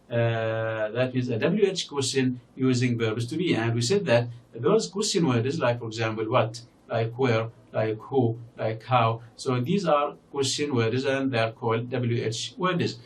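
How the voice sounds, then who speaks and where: Arabic-speaking guy teaching english, lots of uh and repeats, mid pitch, kinda far from the mic. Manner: explaining slowly, many fillers, repeats example words. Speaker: university English lecturer. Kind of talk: recorded distance-learning lecture.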